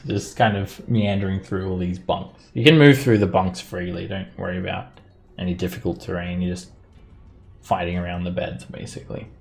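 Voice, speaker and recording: A man's voice: low-pitched, fairly even intonation, moderate pace, gravelly, soft background music. A man running a tabletop game as dungeon master, narrating loosely with fillers and frequent laughs.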